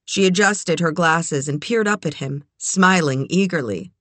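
A woman narrating a novel as an audiobook reader, in a measured, even way. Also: fairly low pitch, no room sound. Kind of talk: scripted narration.

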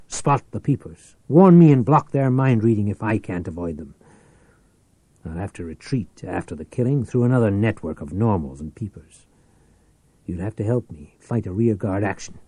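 A man voicing a ruthless, scheming rich businessman who talks forcefully and persuasively. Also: on the low side, expressive, normal speed, husky, no echo. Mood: calculating.

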